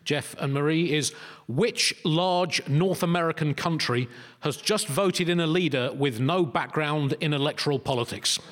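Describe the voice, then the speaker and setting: Brief: male quizmaster, dry scripted comedy, lightly higher-pitched. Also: normal speed. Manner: dry, deadpan jokey delivery of scripted lines. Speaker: quiz host. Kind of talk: comedy news quiz hosting.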